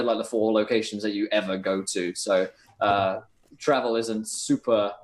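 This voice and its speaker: A man with an English accent narrating as game master, full of ums and asides. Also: lowish voice. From England. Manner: rambling, filler-heavy, laughs easily.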